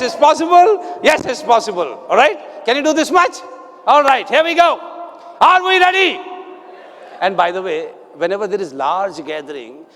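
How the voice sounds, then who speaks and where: High-voiced seminar speaker in a hall. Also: male voice. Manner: energetic, rallies the audience with questions and calls. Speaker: motivational speaker. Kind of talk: live motivational seminar. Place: large seminar hall with a live audience. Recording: long hall reverb.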